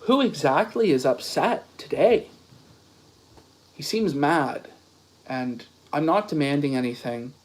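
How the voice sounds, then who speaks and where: A man's voice: a little high, lively intonation, slow, long pauses, slight background noise. A man on his stream, ranting and mocking posts that he reads aloud, swearing heavily. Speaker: streamer host. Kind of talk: angry commentary reading posts aloud.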